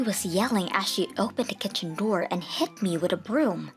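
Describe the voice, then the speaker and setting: Young woman telling a manga story, earnest tone, soft music behind. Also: mid-range voice, animated, normal speed, hardly any pauses. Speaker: narrator. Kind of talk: scripted manga dub narration.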